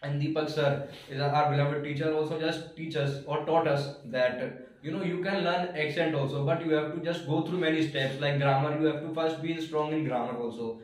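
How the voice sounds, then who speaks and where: Indian man, halting in an echoey room. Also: a little high, fairly even intonation. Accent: Indian English. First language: Hindi. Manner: halting, with frequent restarts and fillers. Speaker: student giving a testimonial. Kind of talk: prepared speech to a class. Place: classroom, indoors. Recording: echoey room from a distant mic.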